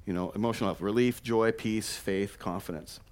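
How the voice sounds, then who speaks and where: A man preaching a sermon to his congregation, talking casually with rhetorical questions and many restarts, now and then jumping up in pitch and volume. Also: normal speed. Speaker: pastor.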